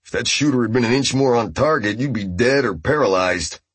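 A man's voice: medium pitch, a little fast, breathy edge, no echo, pitched above the performer's own voice, lightly acted. A man voicing a brusque male medic treating a wound.

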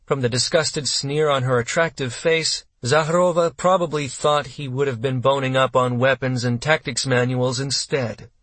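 A man reading an audiobook in steady, measured scripted narration, close to the mic. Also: mid-range voice, dry recording.

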